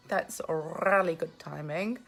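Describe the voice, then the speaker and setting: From home with her family, an Englishwoman hosts a casual live Q&A, chatting and reading viewer comments aloud into a phone held in her hand. Her voice is deep with vocal fry and a fairly bright tone, and she draws out her words.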